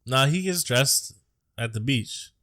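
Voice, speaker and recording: A man's voice: medium pitch, lively intonation, slow pace, bright, forceful tone, no room sound, clean studio sound. An American man co-hosting a podcast, chatting casually and crudely about a movie with jokes. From United States. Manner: laid-back, crude, joking. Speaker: podcast co-host. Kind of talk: casual movie-review chat.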